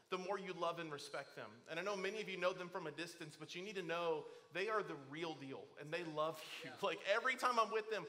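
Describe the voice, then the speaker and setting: Bright-voiced preacher telling lively stories. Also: male voice, high voice. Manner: storytelling, animated, acts out quoted voices. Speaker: pastor. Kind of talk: sermon. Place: church auditorium.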